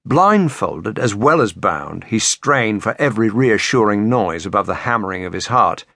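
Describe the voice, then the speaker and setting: A low-pitched man narrates a suspense audiobook with measured, expressive delivery. His pitch moves in a lively way, and the recording is dry and close. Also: gravelly, no echo. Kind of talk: scripted narration.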